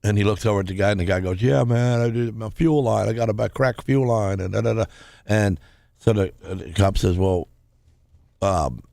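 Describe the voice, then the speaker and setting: A man co-hosting a radio talk show, telling a story, jumping his pitch up to act out other people's lines. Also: moderate pace, creaky, no echo, studio quality. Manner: animated, acts out quotes with big pitch jumps. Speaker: co-host. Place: radio studio. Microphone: studio microphone.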